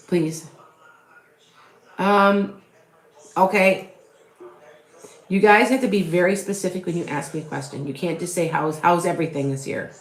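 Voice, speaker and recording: A woman's voice: on the low side, normal speed. Chatty middle-aged woman in echoey room. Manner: rambling, chatty, many fillers and restarts. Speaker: tarot reader and psychic medium. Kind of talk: live tarot reading with viewer questions.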